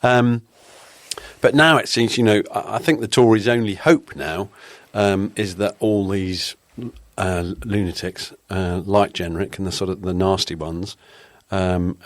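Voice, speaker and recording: A middle-aged man speaks in a very deep voice, his delivery halting and full of ums and false starts. He is teasing and dry in conversation. The recording is close and dead, with no room sound. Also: steady tone, dry recording. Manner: teasing, hesitant with many ums and restarts. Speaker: podcast co-host, former editor. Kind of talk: casual chat.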